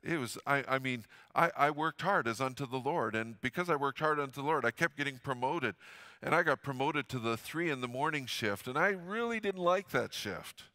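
A middle-aged man delivers a sermon with a bright, ringing voice. He tells stories in an earnest way, pushing hard on key words and then dropping almost to a murmur. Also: medium pitch, animated, moderate pace. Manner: earnest storytelling, swings from loud emphasis to hushed quiet. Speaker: pastor.

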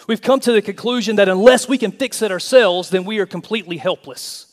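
A male pastor with a high voice preaches emphatically, mixing humor into his sermon. The long reverb of a large hall trails behind his words. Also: brisk, hardly any pauses.

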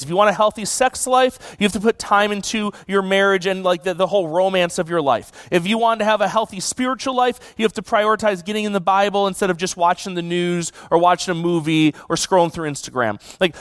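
A man's voice: high-pitched, a bit bright, no room sound. A young adult man giving a casual sermon as a guest preacher, conversational and joking, with many "like" fillers.

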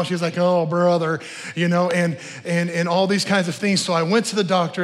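A middle-aged man preaching a sermon as pastor in a church, animated, telling stories and acting out what people say. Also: fairly high pitch. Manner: animated preaching, storytelling with voiced asides. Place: church sanctuary. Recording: long hall reverb.

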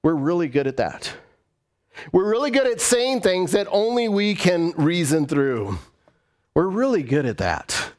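A man with a high-pitched voice delivers a casual, conversational sermon as a pastor. He talks in an animated way, asks rhetorical questions, and repeats his phrases for emphasis. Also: measured pace.

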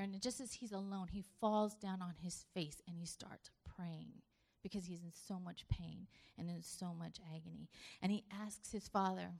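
A woman giving a sermon in a conversational tone, talking to the congregation like friends. She moves between hushed, gentle moments and forceful, emphatic stretches. Her pitch sits in the middle for a woman. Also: fairly even intonation, moderate pace. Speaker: preacher.

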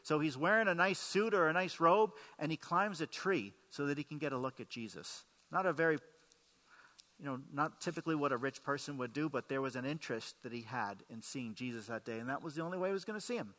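This pastor talks fast, his fairly high voice bright and forceful, as he preaches a conversational sermon full of questions to the congregation. The recording has a long hall reverb.

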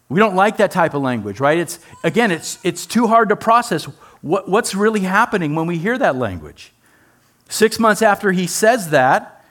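Slightly high-voiced preaching man. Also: a bit bright. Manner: conversational preaching with rhetorical questions; playful asides to the congregation. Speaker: pastor. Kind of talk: sermon.

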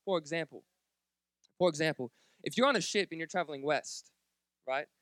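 A man's voice: fairly high pitch, lively intonation, brisk, a bit bright, no echo, studio quality. A man preaching a sermon at a church service, joking and chatting directly with the congregation. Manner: jokey, chatty, talks straight to the congregation. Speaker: pastor.

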